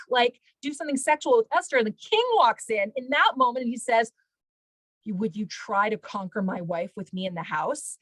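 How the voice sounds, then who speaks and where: A woman's voice: high-pitched, fairly bright tone, no room sound, low-quality recording. A woman, a rebbetzin, retelling a story in casual talk, full of fillers and acted-out quotes. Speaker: rebbetzin, Torah teacher.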